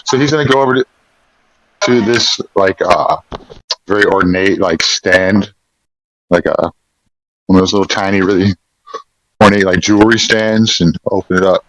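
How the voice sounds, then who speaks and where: A man's voice: sits low, normal speed, long pauses, a bit bright, slight background noise, rough recording. A man playing in a tabletop game, describing his character's actions in a rambling way. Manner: rambling, full of likes. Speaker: player. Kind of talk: casual tabletop play.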